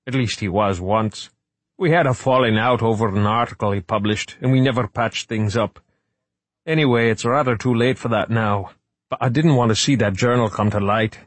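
Blunt stern museum man read by a male narrator, husky, low, dry close sound. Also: dry recording, natural voice. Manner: dubious, blunt, lecturing.

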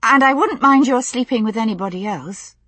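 A woman voicing a young pregnant woman who talks in an earnest, halting, blurting way. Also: on the high side, sharp tone, slightly rough, dry recording, voice pushed up.

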